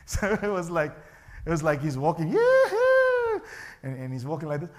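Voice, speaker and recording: A man's voice: a little high, brisk. A male pastor, preaching a sermon in a church and acting out the people in his story. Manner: animated, acts out the characters' voices.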